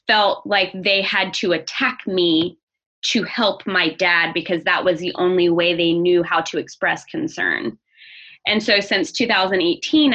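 A young woman speaking earnestly and openly in a personal conversation, getting animated when she talks about anger. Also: fairly low pitch, slightly rough. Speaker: guest. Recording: dull lo-fi audio.

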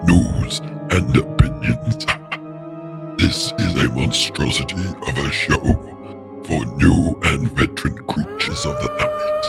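A theatrical vampire count, growling deep and slow with a gravelly rasp. His mock Eastern European drawl swoops wildly up and down. He plays over loud music as a spooky show intro. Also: heavily acted. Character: male vampire count announcer, theatrical and hammy. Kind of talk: podcast intro, spooky theme voice.

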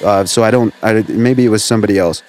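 A man's voice: fairly low pitch, fast. A man hosting a comedy podcast, bantering and playing along with callers. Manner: bantering, plays along deadpan. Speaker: podcast host. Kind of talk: casual comedic chat.

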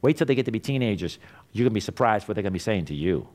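A middle-aged man giving a blunt motivational lecture to a class, emphatic and swinging between loud and quiet. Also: lowish voice, expressive, racing. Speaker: class instructor. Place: classroom with students.

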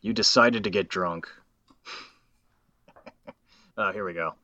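A man's voice: deep voice, takes it slowly, sharp tone, dry recording, lo-fi sound. A man co-hosting a casual sports podcast, joking and sarcastic. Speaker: podcast co-host.

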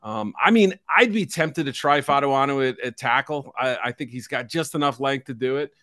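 A man's voice: medium pitch, normal speed, sharp tone, no echo, clean studio sound. A middle-aged man co-hosting a casual football draft talk, chatty and hedging, with a self-deprecating streak. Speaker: football draft analyst co-host.

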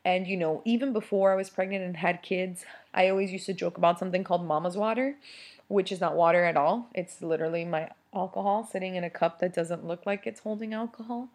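Chatty candid young mom. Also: female voice, on the low side, fast, darkish tone. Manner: chatty and candid, many fillers, laughs often. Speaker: mother of twins sharing parenting thoughts. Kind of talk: casual monologue.

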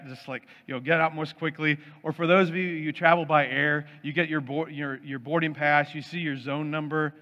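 A man's voice: on the high side, a bit bright. A middle-aged man preaching a sermon, chatty and storytelling, asking the audience questions. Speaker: pastor. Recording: muffled sound with long hall reverb.

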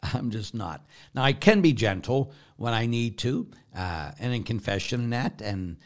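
A blunt, forceful priest, answering questions in a casual talk. He tells his stories with rambling restarts and plenty of "you know." His voice sits at an ordinary middle pitch for a man. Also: animated, measured pace. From Pittsburgh, United States.

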